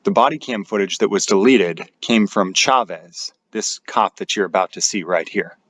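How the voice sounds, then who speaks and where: A man with a fairly low voice reads a scripted voice-over over his own street footage. His delivery is measured and explanatory. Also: fairly bright tone, no echo. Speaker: channel narrator.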